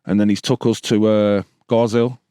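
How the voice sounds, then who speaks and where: A Manchester-accented man from Stockport, in his thirties, tells stories as a podcast guest, leaning on casual street slang and repeating "bro" and "do you know what I mean." His voice is fairly low, dark and smooth, with a flat delivery at a moderate pace. The recording is dry and studio quality.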